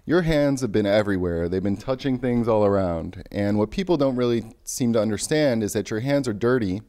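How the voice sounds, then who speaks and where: Young man in a deadpan mock rant. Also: on the low side, brisk.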